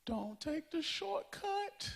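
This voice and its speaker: A man's voice: extremely high pitch, sing-song, slow pace, creaky. A man preaching a sermon to a live congregation, repeating lines and breaking into a sung, whooping cadence. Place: church sanctuary before a live congregation.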